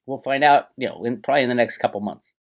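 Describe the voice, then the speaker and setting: A man's voice: medium pitch, lively intonation, fast talker, gravelly. A man hosting his own channel, delivering a heated, profane, sarcastic solo rant to his viewers. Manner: agitated, profane, sarcastic, ranting. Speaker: crypto commentator and channel host.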